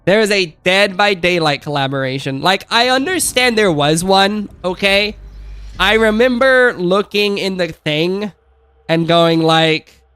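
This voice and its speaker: Bright, exasperated young gaming streamer. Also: male voice, sits high, a little slow, smooth, soft background music. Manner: exasperated ranting, repeats phrases, says dude. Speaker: gaming channel host. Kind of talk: let's play commentary.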